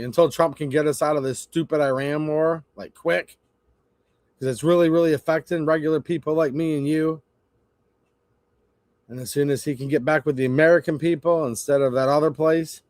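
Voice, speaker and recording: A man runs a live stream, talking bluntly and casually to his viewers in a slightly high voice. The sound is dry and close, with no room echo. He gives strong opinions and answers his chat directly. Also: a little mellow.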